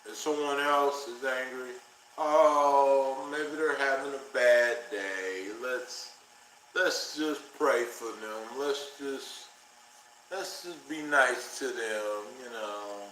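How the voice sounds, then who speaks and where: A man's voice: medium pitch, slow, fairly bright tone. A man hosting a casual livestream, talking earnestly and directly to his viewers. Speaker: livestream host. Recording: roomy with faint noise.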